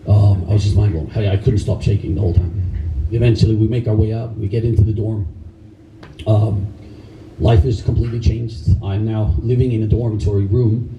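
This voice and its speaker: A middle-aged man telling a story on stage in a casual, animated way, swearing freely. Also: on the low side, fairly quick, muffled recording. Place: stage in a large hall. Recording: roomy hall, mic at a distance, faint noise.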